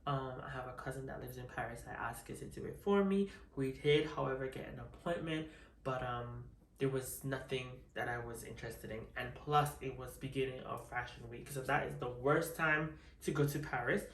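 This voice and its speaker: A woman's voice: extremely low pitch, moderate pace, slight background noise. Sassy woman vlogger, roomy distant sound. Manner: sassy and flamboyant, calls viewers honey. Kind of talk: casual unboxing chat.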